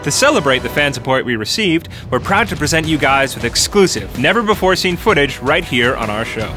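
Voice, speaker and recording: A man's voice: fairly high pitch, big pitch swings, a little fast, over music. A young man co-hosting a podcast, goofy and clowning in his banter. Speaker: podcast co-host.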